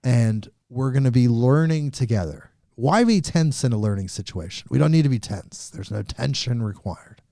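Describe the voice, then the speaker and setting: A man's voice: medium pitch, lively intonation, moderate pace, creaky, hardly any pauses, mellow, dry recording, clean studio sound. A man hosting a podcast, chatting in a laid-back, rambling, joking way. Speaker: podcast host. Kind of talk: casual chat.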